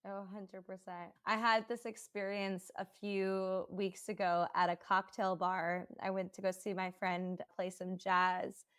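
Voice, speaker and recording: A woman hosting a podcast, telling personal stories in an animated, chatty way and laughing easily. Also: mid-range voice, unhurried, few pauses, clear, resonant tone, dry recording, studio quality. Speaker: podcast host. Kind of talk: casual podcast conversation.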